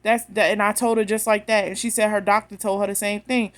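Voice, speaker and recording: A woman's voice: medium pitch, level tone, fairly quick. A woman, telling a story bluntly and with animation straight to her phone camera. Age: 30s. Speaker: vlogger.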